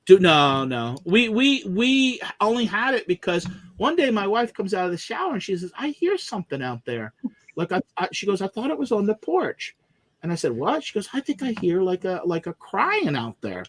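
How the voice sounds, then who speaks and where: A man's voice: sits high, wildly swooping pitch, moderate pace, a bit bright, dry recording. A man with a slightly raised voice tells a winding story in casual chat. He keeps restarting his sentences and trailing off into asides. The sound is close and dry. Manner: rambling storytelling with many restarts.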